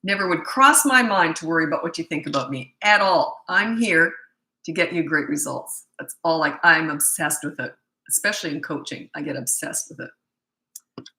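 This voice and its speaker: A woman's voice: low-pitched, animated, normal speed, pushed and bright, echoey room, poor audio. A middle-aged woman coaching parents in a casual Q&A, blunt, emphatic and repetitive. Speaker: parenting coach answering viewer questions. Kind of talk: casual live Q&A.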